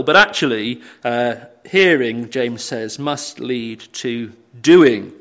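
A man's voice: mid-range voice, measured pace, hardly any pauses, a bit bright. A man preaching a sermon, earnest, with frequent fillers and tag questions like "isn't it". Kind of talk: sermon on a Bible passage.

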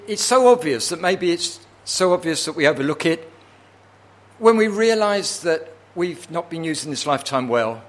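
A man preaching a sermon earnestly, with tag questions, who swells to impassioned, near-shouted pleading when voicing prayers. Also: medium pitch.

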